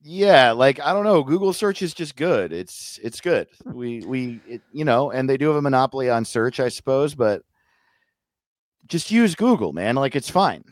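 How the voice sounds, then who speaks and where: A man's voice: mid-range voice, very animated, normal speed, no room sound, studio quality. A man in casual comedic podcast chat, joking and slipping into silly voices. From Chicago area. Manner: joking, does silly put-on voices, laughs often.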